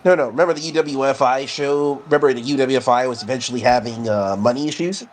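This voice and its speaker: A man's voice: medium pitch, quick pace, rough recording. A man co-commenting casually on a simulated wrestling game, recalling and correcting wrestling history. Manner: conversational, corrects and recalls details.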